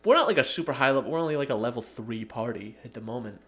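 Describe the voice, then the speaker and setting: A man's voice: mid-range voice, racing, a bit bright. A man co-hosting a podcast, telling stories in loose casual chat, laughing and acting out quotes. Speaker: podcast co-host.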